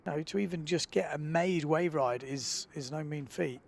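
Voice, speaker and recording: A man commentating live on a windsurfing event in a relaxed, chatty way, often filling pauses with "uh". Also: on the high side, gravelly.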